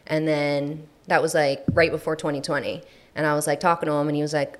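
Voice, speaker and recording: A woman's voice: low voice, little pitch movement, brisk. A young woman from southern New Jersey chatting casually as a guest, swearing a lot and laughing often. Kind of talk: casual chat.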